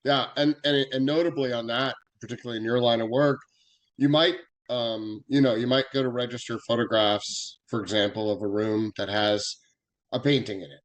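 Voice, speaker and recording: A man's voice: mid-range voice, fairly even intonation, normal speed. A man from the US West Coast, a guest expert giving practical copyright advice in a podcast interview, with many small fillers. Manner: earnest, practical, filler-laden explanations.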